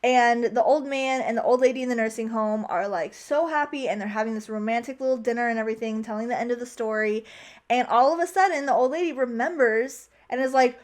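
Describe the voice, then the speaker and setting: A woman's voice: sits high, brisk. A young woman recapping a movie in a casual vlog, chatty and gushing, with a lot of "like" in her speech. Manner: chatty, heavy use of "like", gushing. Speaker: movie commentary vlogger.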